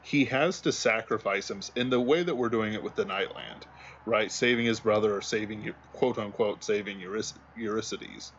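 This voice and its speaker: A man's voice: lowish voice, normal speed, a bit bright, muffled recording, slight background noise. A man co-hosting a livestream in casual chat, rambling while hunting for memes. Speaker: livestream co-host.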